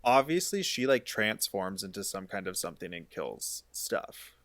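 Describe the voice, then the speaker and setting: A podcast co-host chats casually, cutting in with wry quips and teasing asides. The pitch jumps up and down a lot. The sound is dry and close. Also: very animated, normal speed, a bit bright, no room sound. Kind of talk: casual chat.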